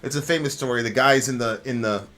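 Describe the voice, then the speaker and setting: Bright-voiced man in casual chat. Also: fast. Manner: animated storyteller, jumps high to act out characters; talks theology with conviction. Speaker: reaction video co-host.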